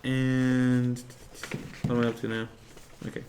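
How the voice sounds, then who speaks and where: Slow, hesitant male tabletop player. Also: medium pitch, completely flat delivery, noisy background. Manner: hesitant, many fillers, laughs between phrases. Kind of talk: playing a tabletop game.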